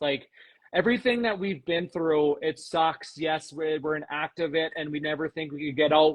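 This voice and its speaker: A man guest on a podcast, telling a personal story earnestly and with emotion, often pausing with "um". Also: fairly high pitch, rough recording. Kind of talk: casual conversation.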